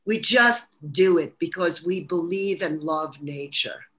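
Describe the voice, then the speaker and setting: New York woman, low-pitched and earnest. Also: takes it slowly, a bit bright. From Brooklyn, New York. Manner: earnest, spiritual, many restarts. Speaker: holistic practitioner guest. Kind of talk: casual interview talk.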